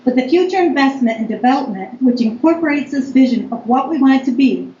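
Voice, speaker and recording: A woman giving a firm, deliberate public comment as a local business owner at a town board meeting. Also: high-pitched, lively intonation, dark tone. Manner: firm, deliberate, reading aloud. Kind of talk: reading a prepared public comment. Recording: echoey meeting room, dull lo-fi audio, faint noise.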